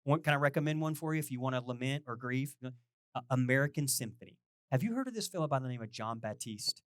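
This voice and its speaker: A man's voice: mid-range voice, quick pace, no echo, clean studio sound. A man preaching a sermon as pastor in a loose, chatty way, full of jokes and questions to the congregation. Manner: animated, jokey, asks the crowd questions, sings bits. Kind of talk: conversational sermon.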